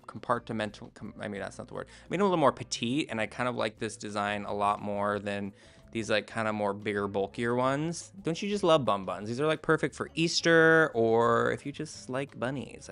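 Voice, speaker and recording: A man's voice: lowish voice, gravelly, fairly bright tone. A man casually presenting his handmade crochet plushies in a rambling, laid-back, self-deprecating way, recorded indoors at home. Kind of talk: casual vlog show-and-tell.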